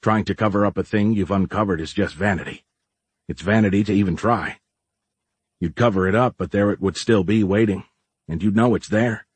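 A man reading the lines of a weary, resigned man who works with tech, speaking in a tired, musing way with a low, husky voice. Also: brisk, no echo.

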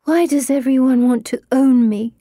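A woman playing a whiny, high-voiced teenage girl. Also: steady tone, moderate pace, warm tone, no room sound, clean studio sound. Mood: plaintive.

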